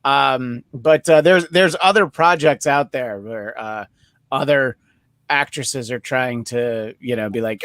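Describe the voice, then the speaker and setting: A man hosting a podcast in casual chat, rambling and joking with many filler pauses. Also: mid-range voice, fairly bright tone, no echo, clean studio sound. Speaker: podcast host.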